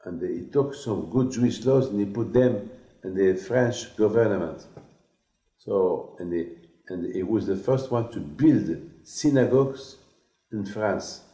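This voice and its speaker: Slow, halting rabbi. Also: male voice, fairly low pitch, warm tone. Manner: halting, repetitive storytelling. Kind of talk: storytelling sermon. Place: synagogue class hall. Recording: echoey room.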